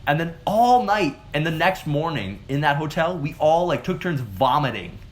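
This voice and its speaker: A man's voice: on the high side, normal speed. A man co-hosting a casual chat and telling stories animatedly, with lots of "like" as a filler. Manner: animated storytelling, heavy use of "like". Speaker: co-host.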